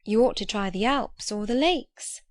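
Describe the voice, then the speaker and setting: A woman's voice: on the high side, normal speed, no room sound, pitched above the performer's own voice, close to an everyday voice. A woman voicing a polite, flustered young woman with a prim, eager way of talking.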